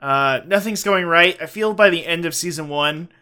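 Man, podcast co-host, bright tense voice, giggly rambling chat, higher pitch. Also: normal speed, clear, resonant tone. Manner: rambling, giggly, profane banter. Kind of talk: casual chat.

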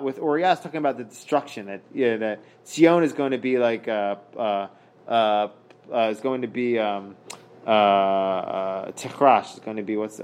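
A man teaching a Talmud page in a casual lesson. He reads Hebrew and Aramaic passages aloud, translates them, and talks haltingly, with many fillers and restarts. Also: mid-range voice. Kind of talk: casual daf study lesson.

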